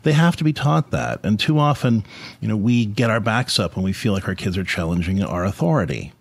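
A man's voice: on the low side, expressive, brisk, vocal fry, breathy edge, no room sound. A man hosting a podcast, giving an earnest, conversational reflection on faith and parenting with frequent restarts. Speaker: podcast host and parenting speaker.

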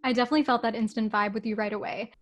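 A woman's voice: a little high, fairly even intonation, rapid-fire. A woman in her twenties co-hosting a podcast, chatting casually, giggly and earnest. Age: 20s. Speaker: podcast co-host. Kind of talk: casual chat.

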